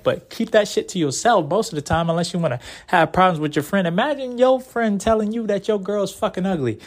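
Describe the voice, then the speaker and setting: A man's voice: high-pitched, brisk, few pauses. A young man hosting a casual advice monologue, talking in blunt, profane, laid-back slang.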